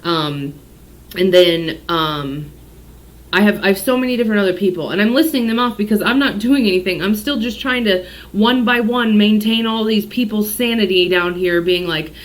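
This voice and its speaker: A woman psychic chatting through a daily tarot and astrology reading. She rambles from thought to thought and drops swear words freely. Her voice sits at an ordinary middle pitch. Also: moderate pace. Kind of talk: casual livestream reading.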